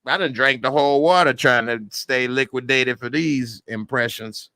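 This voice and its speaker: A man's voice: mid-range voice, normal speed, pushed and bright, clear, resonant tone, dry recording. A man reviewing a TV show in a rambling, jokey casual chat. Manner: rambling, jokey, breaks into impressions.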